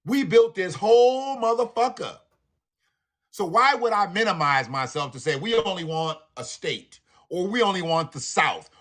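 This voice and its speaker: A livestream host, a man whose profane commentary swings up and down in pitch with lively energy. His voice sits a bit high for a man and has a bright, slightly husky edge. Soft music plays faintly underneath. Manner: profane, animated, laughing asides. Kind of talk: live commentary rant.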